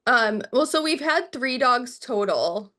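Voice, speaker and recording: A woman client answering a medium's questions in a casual conversation, hesitant and unhurried. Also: fairly high pitch, lively intonation, pushed and bright.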